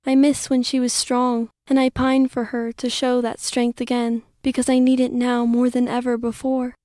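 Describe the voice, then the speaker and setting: A young woman narrates an audiobook in the first person, quiet and wistful. Her voice is mellow and keeps a narrow, even pitch range, recorded dry and close. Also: normal speed, no echo.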